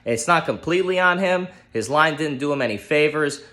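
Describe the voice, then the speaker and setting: A man ranting about his football team, heated and profane, exasperated, shouting at times. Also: on the high side, lively intonation, a little fast. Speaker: sports fan ranting on his channel. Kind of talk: angry solo sports rant.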